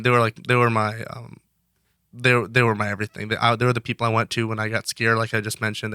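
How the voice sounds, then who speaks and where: Twenties male interview guest, bright and brisk delivery, earnest and rambling. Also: on the low side, dry recording, studio quality. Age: 20s. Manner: earnest, rambling with many restarts. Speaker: guest, college wrestler. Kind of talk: casual interview talk.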